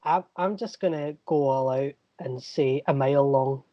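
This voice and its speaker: A man rambles through his quiz answers with hesitant fillers, giggles and silly crude jokes. A faint hiss sits behind his voice at a middle pitch. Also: moderate pace, muffled recording. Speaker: quiz contestant. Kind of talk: casual online quiz chat.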